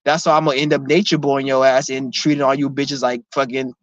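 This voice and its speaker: A man's voice: mid-range voice, little pitch movement, a little fast, no room sound. Man ranting, blunt and profane. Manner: repeats himself with many restarts. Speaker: vlogger. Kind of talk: heated rant to camera. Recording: dull lo-fi, dry sound.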